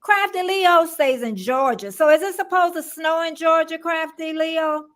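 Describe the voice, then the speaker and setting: A woman's voice: extremely high pitch, a little slow, fairly bright tone. An older woman from Florida hosting a casual livestream, chatting with a guest and greeting viewers by name with frequent laughter. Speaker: livestream host.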